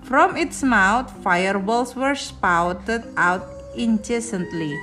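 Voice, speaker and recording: A woman's voice: fairly high pitch, expressive, takes it slowly, bright, forceful tone, soft background music. A woman reading a storybook aloud, expressively, with chatty asides.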